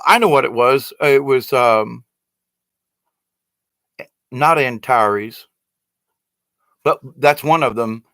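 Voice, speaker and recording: A man's voice: medium pitch, a bit bright, no echo. A man in his sixties from the United States talking in a rambling, casual monologue who keeps getting indignant and exasperated. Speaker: video blogger.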